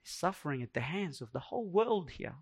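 A man preaching a sermon, dramatic, swinging between hushed and loud delivery. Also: on the high side, very animated, brisk, creaky, breathy edge. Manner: acts out quoted complaints in a raised voice.

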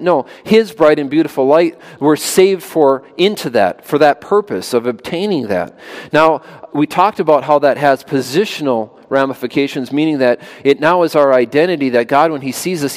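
A man's voice: fairly high pitch, darkish tone. A man preaching a sermon as pastor, earnest and emphatic, often repeating words for stress.

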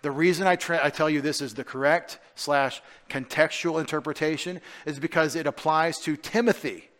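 A male pastor giving a conversational sermon, full of rhetorical questions and restarts, swinging between emphatic points and quiet asides. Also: fairly high pitch, fairly even intonation, normal speed. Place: church.

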